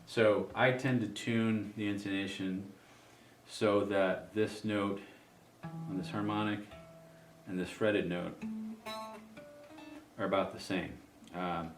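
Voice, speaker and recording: Deep-voiced man explaining guitar setup. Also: echoey room. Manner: relaxed, thinking aloud with many ums. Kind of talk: casual demonstration.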